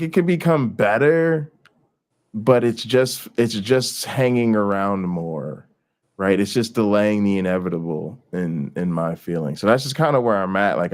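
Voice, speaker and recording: A man hosting a casual commentary show, talking in a mocking, animated way and often repeating himself. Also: lowish voice. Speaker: host.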